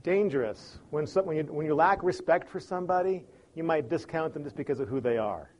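Speaking a little fast in a fairly high, slightly mellow voice, a teacher lectures on listening. He keeps it conversational, weaving in stories and voicing the characters he quotes.

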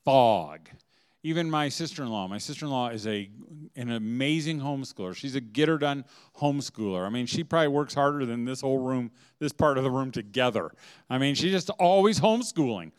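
A man speaking to a room of mothers, telling humorous stories with lots of laughter and big swings in loudness. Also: medium pitch, smooth. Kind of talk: humorous talk to a live audience. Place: room with an audience.

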